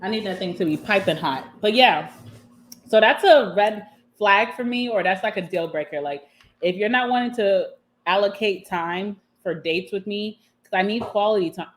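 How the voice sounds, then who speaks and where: A young woman vlogger talking casually and candidly to camera while eating, sassy and quick to laugh. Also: mid-range voice, a little hiss or hum. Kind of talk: casual mukbang chat to camera.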